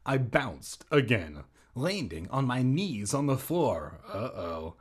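A man reads a children's book aloud in a slow, husky voice, cracking offhand jokes between the sentences. His pitch swings widely and keeps the reading lively. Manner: jokey asides while reading. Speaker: reader.

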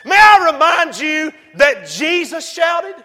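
High, bright-voiced shouting preacher. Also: male voice, sing-song, slow. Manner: hollers and whoops, swings between shouting and low asides. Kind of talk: shouting sermon. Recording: long hall reverb.

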